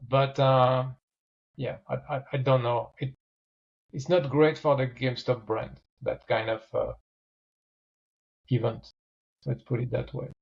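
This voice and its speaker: A man's voice: medium pitch, level tone, unhurried, creaky, long pauses. Man, co-host, casual chat, hesitant, repeats words, slightly muffled sound.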